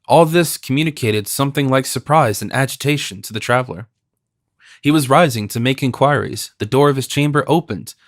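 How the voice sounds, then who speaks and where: A man narrates a classic novel for an audiobook in a measured, even reading. His voice sits in a middle range for a man. The recording is dry and close, with no room sound. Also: medium pitch, dry recording.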